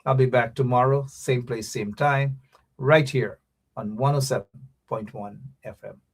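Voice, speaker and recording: A man's voice: medium pitch, steady tone, measured pace, husky. A man with a Guyanese accent hosting a radio show, giving a mocking political commentary full of repeated taunts.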